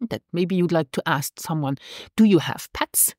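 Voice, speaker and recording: A woman teaching a language lesson, saying each phrase slowly and repeating it twice. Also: low voice, darkish tone, no echo, clean studio sound. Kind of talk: slow, clear language lesson.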